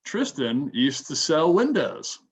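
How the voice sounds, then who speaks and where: A man's voice: on the high side, sing-song, slow, breathy edge. A man moderating a casual panel chat. He sounds friendly and curious as he sets up questions and hands the floor to a guest.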